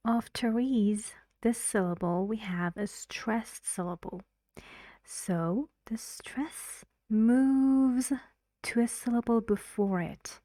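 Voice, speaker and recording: A woman's voice: mid-range voice, mellow, no room sound, studio quality. A woman teaching English pronunciation, explaining patiently step by step and asking her learners questions. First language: Persian. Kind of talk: online pronunciation lesson.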